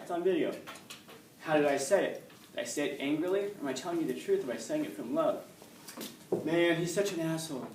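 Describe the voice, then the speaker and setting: This is a classroom lecture by a man whose voice is a little high with a darkish tone. He talks bluntly and keeps hitting his students with rhetorical questions, heard from some way off in an echoey room with a faint underlying hum.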